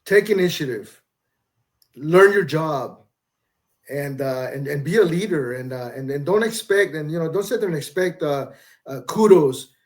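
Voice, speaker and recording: A man's voice: on the high side, lively intonation, normal speed. A middle-aged man, a retired Marine master gunnery sergeant, talking as a guest in a casual interview. He speaks candidly and reflectively, restarts his sentences often, and uses salty language.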